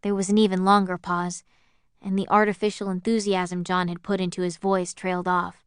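A woman reading a first-person story aloud as an audiobook narrator, in an even, measured way. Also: lowish voice, clear, resonant tone, no echo, studio quality.

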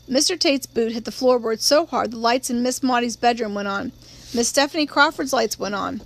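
A woman narrating a novel in a measured, steady storytelling voice. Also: a little high, creaky. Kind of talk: audiobook reading of a novel.

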